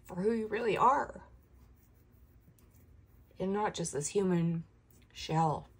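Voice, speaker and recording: A woman's voice: on the low side, slow pace, breathy edge. A woman giving an intuitive tarot reading to her viewers, earnest and heartfelt, emotional and sighing often. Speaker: tarot reader.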